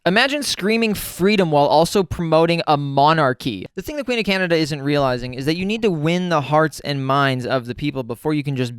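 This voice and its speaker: A sarcastic young man talks over video clips in a slightly higher voice, his delivery smooth and resonant. The recording is dry and close, with mocking, profane asides thrown in quickly. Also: fairly bright tone, no room sound. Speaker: commentary vlogger. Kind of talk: sarcastic reaction commentary.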